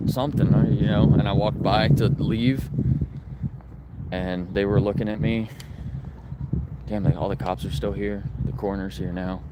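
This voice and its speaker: A man talking earnestly to his livestream viewers while walking and filming outdoors on a residential street, speaking into a handheld phone. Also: lowish voice. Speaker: animal rights activist livestreamer. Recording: street traffic noise behind.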